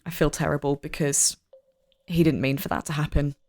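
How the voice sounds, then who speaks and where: A woman voicing a small, earnest young woman adventurer who speaks softly and hesitantly in a tabletop game. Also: deep voice, fairly even intonation, moderate pace, voice pushed down. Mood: apologetic.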